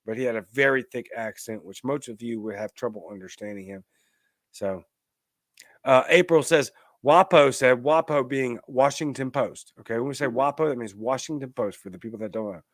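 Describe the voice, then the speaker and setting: A man's voice: medium pitch, normal speed, no echo, studio quality. A man hosting a political commentary show, ranting emphatically and reading out viewer comments. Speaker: host.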